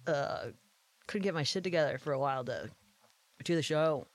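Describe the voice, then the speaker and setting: A woman's voice: low voice, normal speed, no echo. Laughing, swearing woman podcast co-host. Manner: laughing often, heavy filler words, swears. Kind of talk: casual chat.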